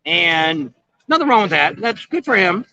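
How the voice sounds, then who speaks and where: A man's voice: high voice, very animated, moderate pace, crowd noise. A middle-aged man hosting a casual livestream from an outdoor patio, rambling in a folksy way with many fillers. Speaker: vlog host. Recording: dull lo-fi phone stream.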